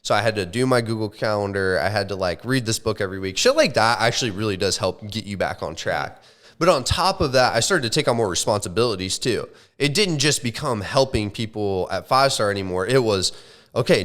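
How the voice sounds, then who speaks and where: Young man, lowish voice, loose swearing podcast storyteller, animated. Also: a little fast. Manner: animated, swears often, says like and bro. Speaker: podcast co-host. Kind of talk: casual storytelling chat.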